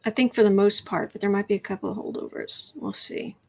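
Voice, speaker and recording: A woman's voice: medium pitch, fairly quick, creaky, darkish tone. A woman doing a casual tarot reading on a livestream, chatty and rambling, sometimes dropping into whispered asides. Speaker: tarot reader.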